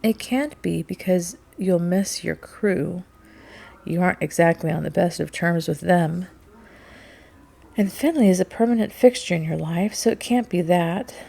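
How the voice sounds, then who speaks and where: A woman's voice: fairly low pitch, measured pace, creaky, dark tone. A woman as an analytical, outspoken young woman. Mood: probing. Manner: precise, questioning.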